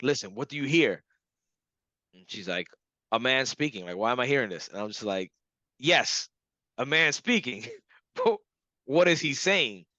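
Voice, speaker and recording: A young man recounts a strange personal experience in a relaxed, animated way, laughing and acting out what others said. His voice is bright and forceful. The recording is dry and a bit dull, with a lo-fi feel. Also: on the low side, dry recording. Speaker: hypnotherapy client. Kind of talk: casual storytelling testimonial.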